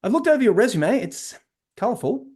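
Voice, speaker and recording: A man's voice: very high voice, sing-song, brisk, darkish tone, pitched above the performer's own voice, full character voice. A man voicing a serious, polite woman school principal in her late thirties, speaking in a clipped, formal way. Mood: guarded.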